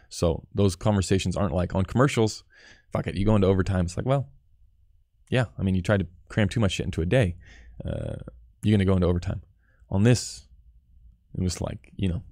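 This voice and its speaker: A man in his thirties talks casually and bluntly about his film work, swearing freely and picking apart his own choices. His voice sits low and mellow. The sound is dry and close, with no room around it. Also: no echo. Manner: candid, profane, self-critical; answers viewer chat questions. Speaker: cinematographer hosting a live stream. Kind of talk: casual live-stream talk.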